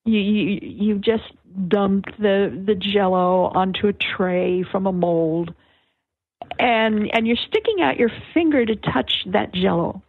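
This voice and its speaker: An older woman, a guest author on an interview, explaining things in a slow, searching way with many fillers and restarts over a phone line. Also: medium pitch. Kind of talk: reflective conversational explanation. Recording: tinny phone-line sound.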